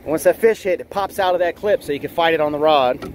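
A man's voice: fairly high pitch, fast, a little hiss or hum. A man hosting a fishing vlog, filming with a handheld camera out of doors on a small boat at sea, giving chatty, self-teasing running commentary. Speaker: fishing channel host. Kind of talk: casual on-the-spot vlog narration.

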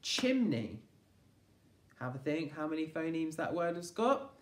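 Slow, sing-song English woman teacher. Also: deep voice, very animated, recorded from a distance. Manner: slow, sounding out phonemes one by one; encouraging, clear classroom delivery. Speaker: primary school teacher. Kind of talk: phonics lesson for young children. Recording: echoey room, voice from off-mic.

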